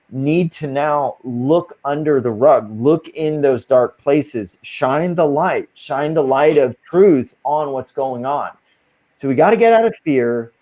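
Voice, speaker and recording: A man's voice: medium pitch, warm tone. Earnest man giving spiritual advice. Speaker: guest. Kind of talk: casual interview talk.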